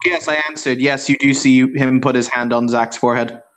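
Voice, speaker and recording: A man's voice: medium pitch, fairly even intonation, brisk, a bit bright, low-quality recording. A man running a tabletop game as game master, narrating in a casual, descriptive way.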